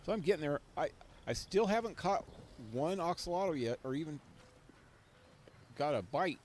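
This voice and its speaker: A man's voice: a little high, expressive, moderate pace, darkish tone, a little hiss or hum. A man streaming a video game, chatting casually and joking with himself about what happens on screen, from a cold room at home. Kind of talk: casual commentary while playing.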